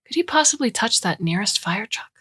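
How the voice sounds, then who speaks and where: A woman voicing a weary young mother who gives mild, deadpan replies. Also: mid-range voice, fairly quick, husky, no echo, clean studio sound, voice pushed up. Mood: coaxing.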